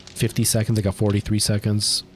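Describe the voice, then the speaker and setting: Chatty low-voiced male streamer. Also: monotone, fairly quick, music in the background. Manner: rambling, chatty, talks to chat while playing. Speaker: livestreamer. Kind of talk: casual gameplay stream chat.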